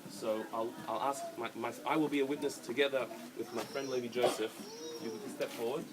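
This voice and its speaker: A man's voice: medium pitch, steady tone, a little fast, noisy background. A man officiating a wedding ceremony, explaining the rites in plain words and chanting blessings. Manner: explains warmly and plainly, then chants Hebrew prayers. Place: outdoor wedding ceremony with guests. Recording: loud crowd of guests. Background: crowd of wedding guests.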